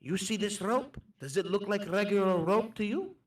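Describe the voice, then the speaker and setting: A man playing a friendly, formal traveler mage who speaks in halting phrases and leaves out small words. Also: high voice, animated, pitched above the performer's own voice. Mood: earnest. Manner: halting formal speech, drops articles. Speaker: player. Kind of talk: tabletop role-play.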